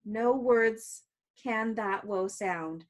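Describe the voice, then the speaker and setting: A woman reading the part of a grieving young bride from a play aloud, slowly and earnestly. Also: on the high side. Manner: slow, deliberate, earnest line reading. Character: young female lover, grieving and distraught.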